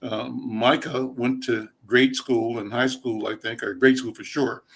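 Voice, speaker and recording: An older man hosting a talk show, steering the interview with a measured manner and filling in family background. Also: medium pitch, fairly even intonation, fairly bright tone, husky.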